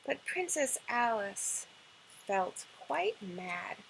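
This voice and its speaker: A woman reading a children's picture book aloud, gentle and expressive. Her voice sits high and bright, and she takes the lines slowly. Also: gravelly, slight background noise, rough recording. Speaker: children's librarian.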